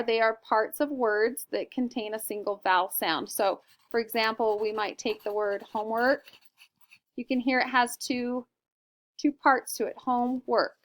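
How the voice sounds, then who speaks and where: A woman teacher giving a patient, explanatory recorded lesson and often checking in with her listeners. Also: on the high side.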